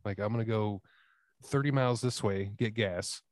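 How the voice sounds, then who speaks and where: A man's voice: lowish voice, moderate pace, no echo, studio quality. A man as a podcast guest in casual chat, laid-back and profane, speaking with enthusiasm.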